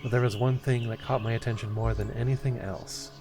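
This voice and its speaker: A man's voice: medium pitch, fairly even intonation, brisk, music in the background. A man streaming a narrative game, reading the story text aloud expressively, with stumbles and asides.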